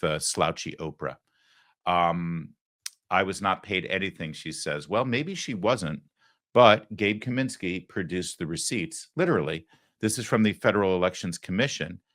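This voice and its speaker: A middle-aged man hosts a political commentary show, speaking sarcastically and tossing in mocking asides. His voice sits low and is a bit bright.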